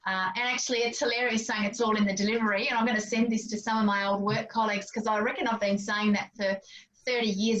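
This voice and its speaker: A woman hosting an online parents' discussion, chatty and animated when she tells stories. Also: a little high, fast. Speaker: parenting group host. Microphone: video call. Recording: dull lo-fi sound, distant from mic.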